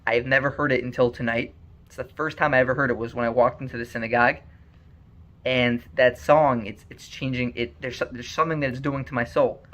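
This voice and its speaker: A man's voice: mid-range voice, fairly even intonation, a little fast, a bit bright, natural voice. A man voicing a tearful young runaway. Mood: earnest.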